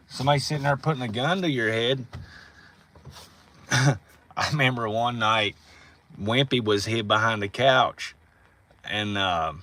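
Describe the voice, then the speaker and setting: A man's voice: mid-range voice, a bit bright. A man on a livestream, telling rambling stories in a profane, drawling way. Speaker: livestream host. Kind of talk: casual storytelling on a livestream.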